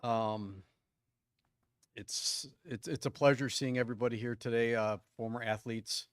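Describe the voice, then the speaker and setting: A man's voice: mid-range voice, steady tone, a little slow, no echo, clean studio sound. A man in his fifties, a longtime teacher and coach, giving a joking, self-deprecating acceptance speech at a school ceremony, with plenty of ums and restarts.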